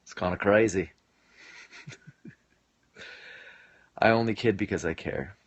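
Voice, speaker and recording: A man in his late twenties chats casually on a home live stream, joking with viewers and laughing often. His voice sits fairly low, and the sound is dry and close, with almost no room echo. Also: slow pace, husky, lo-fi sound. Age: late 20s. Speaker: live-stream host answering viewer comments. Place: home basement.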